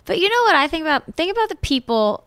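A woman hosting a podcast, chatting casually in an animated, heartfelt, confiding way. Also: very high voice, fast talker, no room sound, clean studio sound. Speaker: podcast host. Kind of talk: casual chat.

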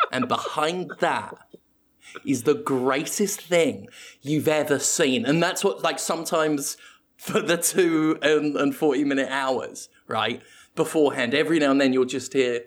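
A man's voice: on the high side, unhurried, fairly bright tone. A man hosting a comedy podcast, rambling playfully through an absurd improvised story and laughing at his own jokes. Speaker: podcast host.

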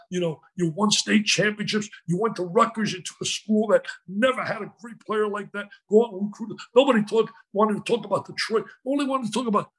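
An older man, a former coach, telling emotional stories with lots of quoted dialogue in an excitable way. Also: sits high, husky. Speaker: guest, former basketball coach. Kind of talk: animated storytelling.

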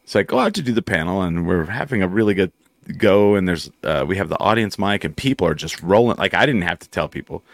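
A middle-aged man hosting a casual talk show, telling animated anecdotes and swearing freely. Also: low voice, quick pace, creaky, no echo. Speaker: podcast host. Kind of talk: casual chat, storytelling.

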